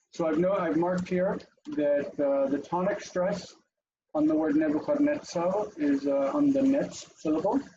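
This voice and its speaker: A man teaching a class over a video call, lively and explaining step by step with many fillers, heard through dull, lo-fi call audio. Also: fairly high pitch, vocal fry, noisy background.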